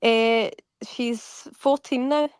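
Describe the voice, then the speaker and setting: A woman in her twenties, a panel guest, speaking earnestly and softly and laughing easily. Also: fairly high pitch, steady tone, drawn-out words, clean tone, dry recording. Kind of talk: live panel chat.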